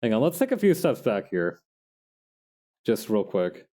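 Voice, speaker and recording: A young man casually chatting while he makes digital art, self-mocking and quick to laugh. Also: on the low side, big pitch swings, dark tone. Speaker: digital artist streamer. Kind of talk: casual narration while drawing.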